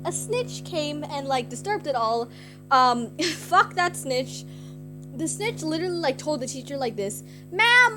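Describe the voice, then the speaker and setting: A young woman streamer with a high voice tells her chat a story in a loose, rambling way, full of "like" fillers. She sounds giggly and self-conscious. Guitar music plays clearly behind her. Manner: rambling, heavy use of "like" fillers.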